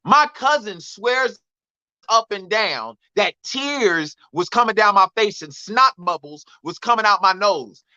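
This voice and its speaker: A man telling a comic story on a radio talk show, animated and emphatic, repeating his denials. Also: high-pitched, measured pace, dry recording, dull audio. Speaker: comedian guest. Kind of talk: storytelling stand-up chat.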